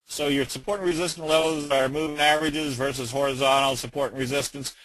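A middle-aged man presenting a trading webinar, plain-spoken and folksy, with frequent filler pauses. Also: medium pitch, steady tone, fairly bright tone, low-quality recording. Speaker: trading educator.

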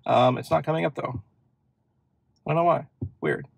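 A man's voice: fairly high pitch, very animated, moderate pace, gravelly. Chatty man demoing car features. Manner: chatty, upbeat, thinks aloud with fillers. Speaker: car channel host. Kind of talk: casual demo walkthrough. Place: inside a parked car.

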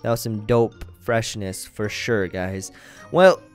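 Excitable young man doing game commentary. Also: on the low side, slow pace, faint music behind. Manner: excitable, talks to viewers as guys, yelps when startled. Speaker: gaming YouTuber. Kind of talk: gameplay commentary.

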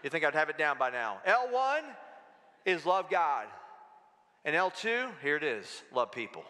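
A man preaching a sermon as pastor, telling stories with humor and lively delivery. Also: on the high side, unhurried, long reverb tail. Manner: animated storytelling with humor. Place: church sanctuary.

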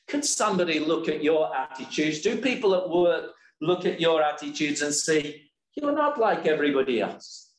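A man preaching a sermon in a church, slow and emphatic, often asking rhetorical questions. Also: a little high, big pitch swings. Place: church hall. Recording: echoey church hall.

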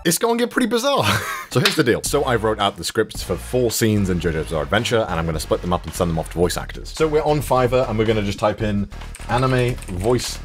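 A man hosting a casual comedy vlog, jokey and animated, pushing his pitch up for emphasis. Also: fairly quick, music in the background. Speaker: YouTuber host.

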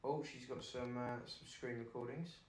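A man's voice: mid-range voice, steady tone, normal speed. A man co-hosting a casual livestream, teasing and joking with his friend. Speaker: livestream co-host. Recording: echoey room with faint background noise.

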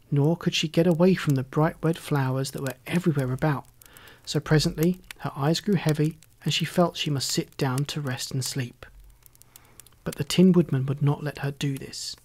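A storyteller reading a classic children's tale aloud in a measured, gentle way. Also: medium pitch. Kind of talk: scripted storybook narration.

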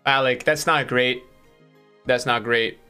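A male streamer giving live-stream commentary to his chat, excitable and swinging between hype and letdown with plenty of fillers. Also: medium pitch, takes it slowly, smooth, soft background music. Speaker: streamer opening game packs.

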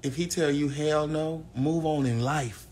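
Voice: medium pitch, fairly even intonation, unhurried, a little mellow. A livestream host in their twenties from St. Louis, chatting in a brash, crude, teasing way. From St. Louis, USA. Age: 20s. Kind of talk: casual live-stream chat.

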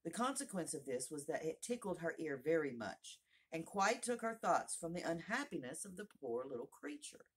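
Expressive low husky woman reading a storybook. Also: moderate pace. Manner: expressive, voices each character. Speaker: narrator, audiobook reader. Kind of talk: storybook read-aloud.

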